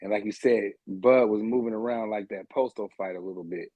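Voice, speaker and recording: A man hosting a casual sports podcast, talking in a relaxed way, laughing and saying "you know" a lot. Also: on the low side, brisk, dry recording. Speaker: podcast host. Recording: dull lo-fi audio.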